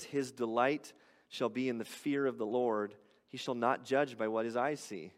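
Preaching from the pulpit, this man explains scripture in an animated, conversational way, building up to loud, emphatic moments. He speaks at a medium pitch, and the sound carries a long reverb tail.

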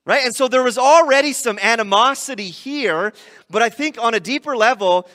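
A man preaching a sermon, animated, often acting out quoted voices. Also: extremely high pitch, moderate pace, long reverb tail. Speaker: pastor.

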